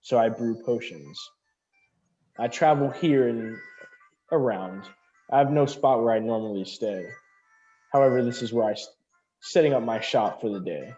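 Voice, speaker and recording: A man voicing an aloof, self-reliant woman apothecary who talks in a curt, unhurried way. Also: medium pitch, dark tone, dull audio, soft background music, lightly acted. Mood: matter-of-fact. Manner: curt, unhurried, slightly haughty.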